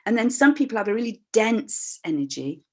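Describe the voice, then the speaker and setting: Older woman telling an expressive, candid story. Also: a little high, fairly quick. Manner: expressive, acts out voices in her stories; candid, reflective, with frequent restarts. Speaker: voice practitioner and workshop leader. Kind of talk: personal storytelling talk. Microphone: video call.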